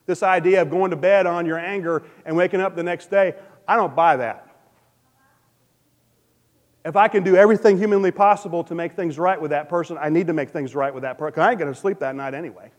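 A man preaching a sermon as pastor, earnest and personal, swinging between loud emphasis and a soft, gentle hush. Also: a little high, brisk, long reverb tail.

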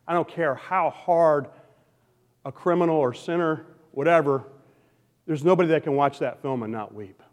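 A male pastor preaching a sermon, swinging from loud emphatic questions to soft, hushed appeals. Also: a little high, in a large hall.

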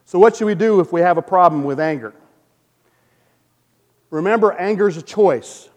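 A man preaching a sermon as pastor, earnest and personal, swinging between loud emphasis and a soft, gentle hush. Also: sits high, moderate pace, big-room sound.

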